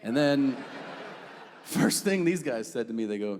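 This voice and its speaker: Male stand-up comic, deadpan storyteller, lively pitch, live venue with long reverb. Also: a little slow, background noise. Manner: deadpan storytelling with acted quotes, profane. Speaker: stand-up comedian. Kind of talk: stand-up comedy routine. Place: comedy stage.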